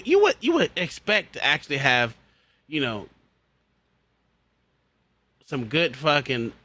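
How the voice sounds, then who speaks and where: A man giving crude, loud reaction commentary, laughing and mock-quoting people in a profane, animated way. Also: fairly high pitch, creaky. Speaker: reaction streamer.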